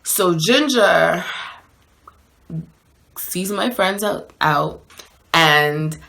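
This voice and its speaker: Low-voiced chatty woman vlogger. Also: extremely slow, vocal fry. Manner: chatty, animated, lots of "like". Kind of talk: casual storytime.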